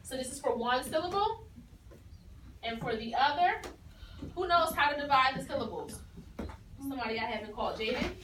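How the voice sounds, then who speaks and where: A woman's voice: sits high, expressive, moderate pace, long pauses, a bit bright, slight background noise. A woman teacher leading a phonics lesson, patiently asking questions and repeating the pupils' answers. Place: classroom. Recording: echoey classroom from far off.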